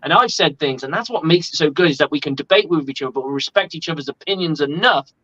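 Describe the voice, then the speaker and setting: A man co-hosting a casual sports chat, talking in an animated, profane way and laughing often. His voice is bright and sits a little high, coming through a dull, lo-fi remote mic. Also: fast talker. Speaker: podcast co-host.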